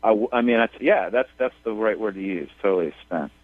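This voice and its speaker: A man calling into a radio show, speaking in a halting, emotional way with many restarts. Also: on the low side, dry recording. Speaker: caller. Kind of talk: phone conversation on radio. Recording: tinny phone line.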